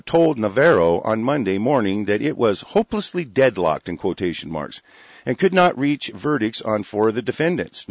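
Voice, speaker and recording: Brief: man, husky voice, swears a lot, reads news then rants hotly, lo-fi dry recording. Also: medium pitch, no room sound. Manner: profane, heated, interrupting his own reading to rant. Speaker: commentator reading news aloud. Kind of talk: reading an article with angry commentary. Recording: dull lo-fi sound.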